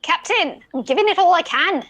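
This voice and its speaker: A woman's voice: very high-pitched, animated, fairly quick, a bit bright, slight background noise, voice pushed up. A woman putting on a vague British Isles pirate accent for a joke, in a playful put-on manner.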